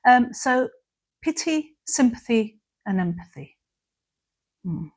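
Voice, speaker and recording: A woman talks to camera in an unhurried, reflective way and sometimes drops softly into the phrases she acts out. Her voice is breathy and airy, sitting in an ordinary middle pitch. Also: expressive. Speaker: mental health instructor.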